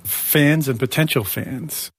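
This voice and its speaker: Male author, gravelly voice, explaining, uses fillers. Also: medium pitch, slow pace, no echo. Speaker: author and historian. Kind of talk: interview soundbite.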